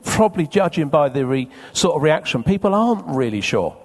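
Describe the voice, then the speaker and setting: A man's voice: a little high, very animated, a little fast. A man speaking live to an audience at a seminar, chatty and teasing, quizzing the crowd. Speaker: event speaker. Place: conference hall with a live audience. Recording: long reverb of a large hall.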